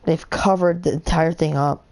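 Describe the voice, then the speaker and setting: A woman's voice: deep voice, steady tone, moderate pace, gravelly, a little mellow. A woman streaming a game live, ranting in a heated, indignant way with lots of fillers and restarts. She is from the United States. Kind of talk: rambling live-stream rant while gaming.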